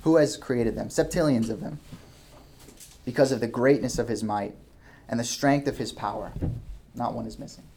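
A male pastor delivering a sermon, reading scripture aloud, rising into loud emphatic questions and dropping to soft asides. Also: medium pitch, normal speed, pauses often, slight background noise. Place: church hall with a ceiling.

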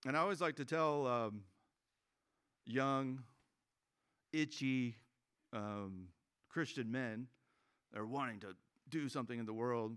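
A man's voice: medium pitch, takes it slowly, pauses often, a bit bright, smooth. A man preaching a sermon as pastor, conversational and joking, acting out quoted voices.

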